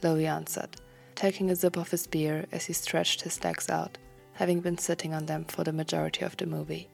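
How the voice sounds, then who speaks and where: A woman reading a story aloud in a soft, partly whispered way. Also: deep voice, little pitch movement, normal speed, gravelly, faint music behind. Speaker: fan fiction reader.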